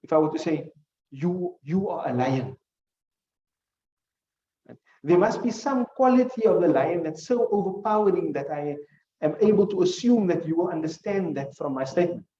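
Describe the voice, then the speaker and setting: A man's voice: high voice, expressive, a little fast, mellow, echoey room, distant mic, highs cut off, a little hiss or hum. A male teacher gives a classroom lecture, explaining with examples and putting questions to his students.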